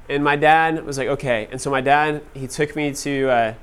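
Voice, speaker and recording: A man's voice: medium pitch, fairly even intonation, normal speed, few pauses, noisy background. A man in his thirties teaching a class, telling personal stories casually with lots of "like" fillers. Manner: casual, many "like" fillers, laughing at own stories. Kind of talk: storytelling talk to a class.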